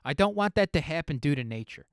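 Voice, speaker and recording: A man's voice: on the high side, lively intonation, fast, smooth, no echo, clean studio sound. A man hosting a solo podcast, rambling casually with lots of swearing and fillers. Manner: rambling, profane, filler-heavy. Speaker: podcast host.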